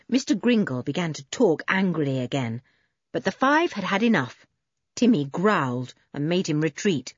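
A woman narrating a children's audiobook with lively storytelling. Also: on the low side, moderate pace, husky, no echo. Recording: dull, dry recording.

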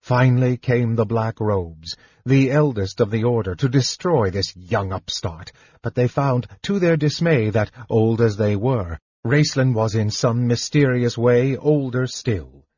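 A man reading a fantasy audiobook in a measured, dramatic narration. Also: medium pitch, animated, a little mellow, husky, no room sound, muffled recording.

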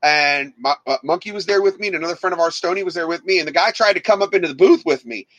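A man with a Southern accent, co-hosting a casual livecast and telling stories in a lively, profane way, acting out the people in them. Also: high voice, fast talker, lo-fi sound. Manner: profane, animated storyteller who jumps into acted voices. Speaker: livecast co-host and former DJ. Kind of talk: casual chat and storytelling.

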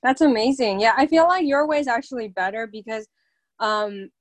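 A woman's voice: a little high, normal speed, no echo. A woman hosting an interview podcast, gushing and enthusiastic, swearing casually as she chats. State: out of breath. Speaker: podcast host.

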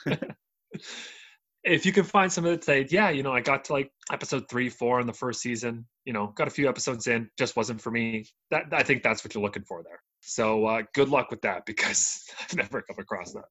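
A man's voice: mid-range voice, a little fast, pushed and bright. A man co-hosting a casual podcast, emphatic and incredulous, laughing often. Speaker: podcast co-host. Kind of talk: casual chat.

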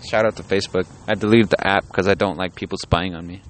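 A man's voice: low-pitched, fairly even intonation, fast, slight background noise. A young man hosting a podcast, chatting casually and joking, swearing freely. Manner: laid-back, joking, swears a lot. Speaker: podcast host. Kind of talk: casual chat. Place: outdoors on a city street.

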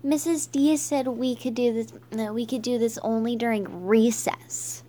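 A woman's voice: on the high side, steady tone, unhurried, mellow. A woman voicing a bossy second-grade girl with a stern, scolding manner while reading a storybook aloud.

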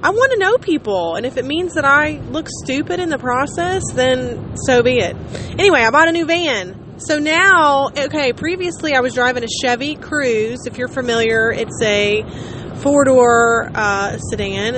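In a noisy setting, a late-thirties woman vlogger chats loosely with her audience, wandering off topic and mocking herself. Her voice runs high and a little slow.

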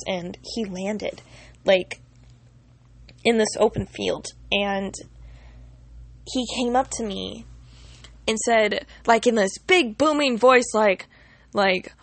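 A young woman tells a personal story in a loose, rambling way, leaning on fillers and dropping the odd curse. Her voice sits a little high with a gravelly fry running through it. The sound is close and dry. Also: no room sound. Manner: rambling, full of "like" fillers and casual swearing.

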